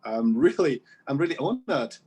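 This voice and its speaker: Relaxed Mexican man with faintly British English. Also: mid-range voice, moderate pace, husky. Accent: slightly British-sounding English. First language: Spanish. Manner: relaxed, hesitant with many fillers. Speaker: musician and composer, guest. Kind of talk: casual interview chat.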